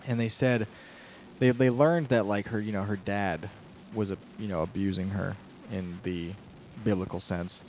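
A man's voice: on the low side, fairly even intonation, normal speed, darkish tone, slight background noise, poor audio. A man co-hosting a casual podcast from a dining room at home, rambling and joking in a laid-back way. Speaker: podcast co-host.

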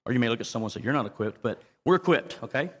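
A man's voice: mid-range voice, lively intonation, rapid-fire, a bit bright, slightly rough, big-room sound. A man preaching a sermon to his congregation as pastor, emphatic and often asking the crowd to respond. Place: church.

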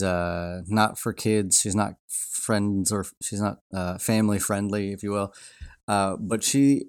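A man's voice: fairly low pitch, vocal fry, no room sound, studio quality. A man hosting a podcast, talking through ideas in a casual, rambling way with many fillers and restarts. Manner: rambling, frequent fillers and restarts, laughs often. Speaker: podcast host. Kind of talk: casual reflective monologue.

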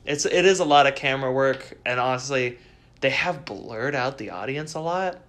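A man chatting casually, telling stories in an animated way with frequent laughs. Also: mid-range voice, normal speed. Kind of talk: casual chat.

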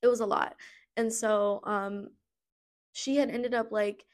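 A woman's voice: mid-range voice, flat delivery, measured pace. A young adult woman hosting a podcast, telling her personal story in a candid, rambling way, with many fillers and some blunt swearing. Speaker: podcast host.

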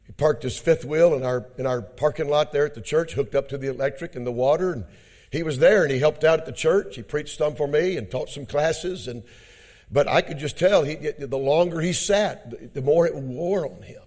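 A middle-aged pastor preaching a sermon, telling a story in a low, quiet voice and then rising to loud shouted exhortation. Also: male voice, normal speed. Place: church conference hall.

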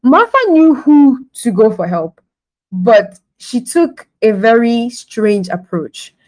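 A woman's voice: on the high side, expressive, slow pace, darkish tone, rough recording. A woman giving a devotional sermon on a podcast in a conversational style, laughing often and acting out the scenes she describes. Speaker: podcast preacher.

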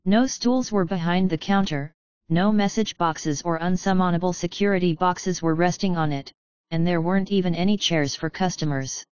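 A woman narrating a book chapter in a calm, measured storytelling manner. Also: on the low side, smooth, no echo, highs cut off. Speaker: audiobook narrator. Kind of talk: scripted narration.

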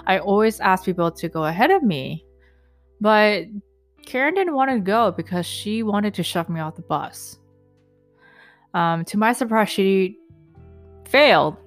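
A woman's voice: medium pitch, lively intonation, a little slow, pauses often, faint music behind. A young woman telling an angry story about an incident, casual and profane, with many fillers. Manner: indignant, profane, lots of fillers. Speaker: vlogger recounting an incident.

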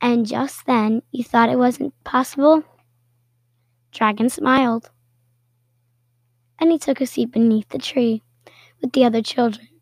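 Slow, playful woman reading a storybook. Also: fairly high pitch, dry recording. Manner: playful, expressive storytelling with asides. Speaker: storybook reader. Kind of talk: reading a picture book aloud.

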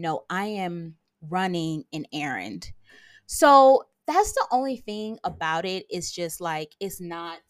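A young woman hosting a casual solo podcast, talking fast and excitably with playful sarcasm. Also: mid-range voice. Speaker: podcast host.

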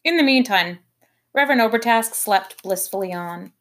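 A woman reading a children's novel aloud with lively, expressive narration. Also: medium pitch, normal speed. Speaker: audiobook reader. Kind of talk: scripted narration.

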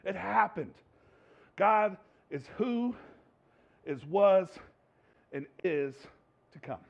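High-voiced man preaching, lo-fi sound. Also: expressive, drawn-out words, vocal fry. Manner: conversational preaching with joking asides and repeated phrases. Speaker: pastor. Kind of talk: sermon.

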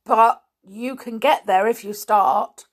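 A woman voicing a slow, dim-witted grinning village man in a storybook, speaking gravely and drawn out. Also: fairly high pitch, voice pushed up.

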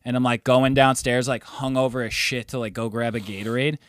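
A man's voice: medium pitch, fairly even intonation, brisk, no echo. A young man in his twenties co-hosting a casual podcast, telling rowdy party stories with loose swearing and laughter. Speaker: podcast co-host. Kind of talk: casual chat.

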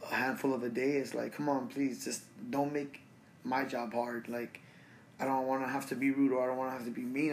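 Young male podcast host, casual slangy rant, mid pitch, faint noise behind. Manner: relaxed, slangy and ranting, full of fillers. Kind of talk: casual solo podcast monologue.

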